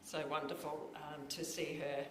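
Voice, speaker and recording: A woman with a low, flat, slightly slow delivery hosts an awards ceremony on stage at an event venue, with slight background noise. She reads prepared remarks formally, slipping in a few fillers and ad-libs, and the hall is echoey with faint ambience.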